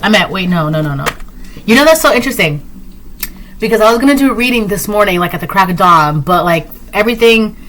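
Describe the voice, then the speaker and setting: A woman talks through a tarot reading in an easy, rambling way, looping back on her phrases and leaning on fillers. Her voice is bright and clear and sits at a middle pitch. A faint hiss of noise stays under her voice. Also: expressive, fast. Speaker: tarot reader. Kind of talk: casual spoken tarot reading.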